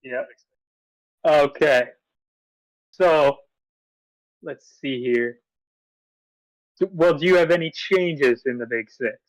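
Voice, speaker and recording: A man's voice: on the high side, takes it slowly, long pauses, no echo, low-quality recording. A man co-hosting a movie podcast in casual chat, easygoing, running through his picks from notes with fillers. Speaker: podcast co-host.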